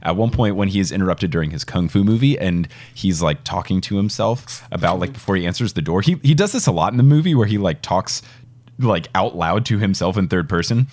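A man's voice: low-pitched, expressive, brisk, a little mellow. A man co-hosting a podcast, chatting about a film and explaining its rap references, chuckling now and then. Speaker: podcast co-host. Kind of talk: casual movie discussion.

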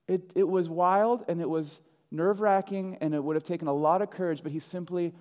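High-voiced male pastor in a reverberant hall. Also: steady tone, a little fast, darkish tone. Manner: acts out biblical figures in dramatic quoted voices. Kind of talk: sermon.

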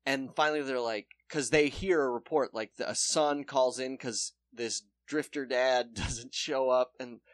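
A young man co-hosting a casual podcast, retelling a story with lively acted-out quotes. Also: mid-range voice, unhurried, hardly any pauses, dry recording. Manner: animated storyteller acting out quotes. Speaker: podcast co-host. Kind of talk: casual chat, retelling a true crime show.

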